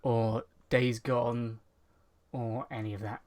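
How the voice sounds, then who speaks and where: A man's voice: medium pitch, flat delivery, slow, a little mellow. A man co-hosting a podcast over an online call, chatting casually with dry, wry remarks. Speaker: podcast co-host. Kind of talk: casual chat. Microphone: online call microphone.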